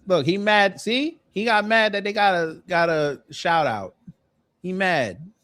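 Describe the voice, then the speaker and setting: A man hosting a commentary video, roasting someone with slangy, deadpan jokes. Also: high-pitched, unhurried. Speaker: host.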